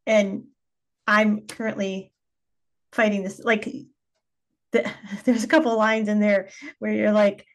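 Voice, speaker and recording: A woman's voice: mid-range voice, flat delivery, measured pace, pauses often. A woman hosting a podcast interview, chatting casually and laughing often between her thoughts. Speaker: podcast host and pastor. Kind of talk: conversational interview.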